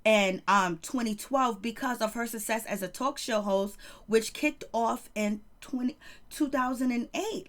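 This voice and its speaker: A woman's voice: fairly high pitch, normal speed. A woman giving casual, sassy celebrity gossip commentary, chatty and calling listeners "baby". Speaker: commentary vlogger.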